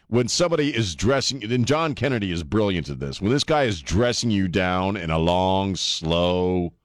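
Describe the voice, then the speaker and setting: Low-voiced rambling radio host man. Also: no echo, clean studio sound. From northern US. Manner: rambling, with many restarts and excited reactions. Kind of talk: casual talk radio.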